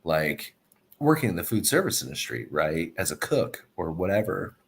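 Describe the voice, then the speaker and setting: A man's voice: sits low, big pitch swings, moderate pace, creaky, slight background noise. A man speaking as a podcast guest in casual chat, thinking aloud in a reflective, hesitant way. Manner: reflective and hesitant, many restarts.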